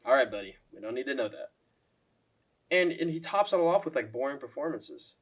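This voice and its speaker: A man's voice: medium pitch, animated, brisk, slightly rough. A young man casually ranting on his MMA channel, swearing often and filling with "like" as he ranks fighters. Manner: profane, lots of "like" fillers, mocking impressions. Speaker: MMA commentary YouTuber. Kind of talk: casual ranking rant.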